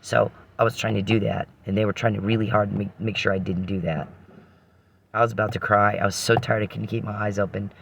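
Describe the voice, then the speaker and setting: A man's voice: lowish voice, steady tone, brisk, vocal fry, a little hiss or hum. A man hosting a podcast, telling a rambling personal story with frequent restarts and religious reflection.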